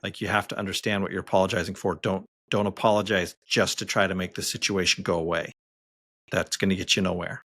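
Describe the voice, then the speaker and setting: A man, a therapist co-hosting a podcast, speaking in a loose, relaxed way with lots of fillers. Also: low voice, quick pace, dry recording. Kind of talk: casual podcast discussion.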